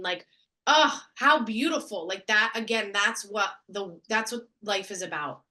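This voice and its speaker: A woman being interviewed as a guest on a video call, talking in an enthusiastic, expressive way. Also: medium pitch, unhurried. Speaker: guest, actress and speaker. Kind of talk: casual interview.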